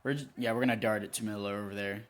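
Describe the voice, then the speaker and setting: A man's voice: on the low side, steady tone, rapid-fire, a little hiss or hum. A young man giving rambling, self-critical commentary over a football video game, with frustrated outbursts. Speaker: gaming YouTuber. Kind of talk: gameplay commentary.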